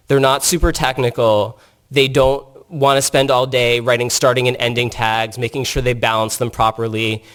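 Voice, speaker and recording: A man's voice: medium pitch, fairly bright tone. A man giving a technical conference presentation, explaining in an earnest way with frequent restarts and fillers. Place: conference room.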